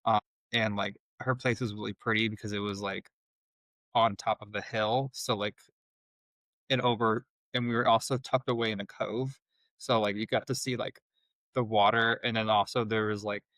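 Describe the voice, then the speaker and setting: Man, podcast guest, lowish voice, halting and reflective, candid storytelling, dry close sound. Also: steady tone, fairly bright tone, no echo, rough recording. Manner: halting, reflective, many restarts.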